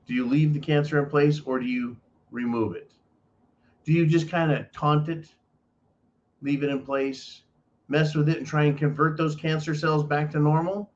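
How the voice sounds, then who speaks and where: A man rants through a political monologue, emphatic and profane, hammering points home by repeating them. His voice sits a bit higher than most men's. The audio is dull and lo-fi. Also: flat delivery, normal speed. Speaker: political commentary host. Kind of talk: ranting monologue.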